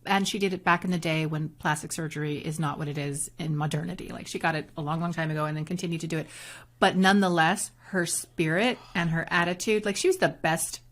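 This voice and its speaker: A woman co-hosting a casual podcast, her voice sitting a bit low. She recaps events in an animated storytelling manner, talking through each scene. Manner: animated, storytelling, quick recaps with acted quotes. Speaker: podcast co-host. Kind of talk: casual chat reviewing reality TV.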